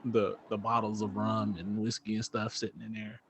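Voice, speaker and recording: A man's voice: on the low side, flat delivery, moderate pace, a bit bright, breathy edge. A man co-hosting a podcast, talking in a laid-back, rambling way with lots of fillers, recorded outdoors on a back patio at night. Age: young adult to middle-aged father. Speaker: podcast co-host. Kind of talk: casual chat.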